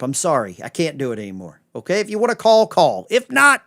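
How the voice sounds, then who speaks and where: A middle-aged American man hosting a casual livestream, sarcastic and animated, dropping to mutters and then bursting out loud. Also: fairly high pitch, a little fast, hardly any pauses. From United States. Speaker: livestream host.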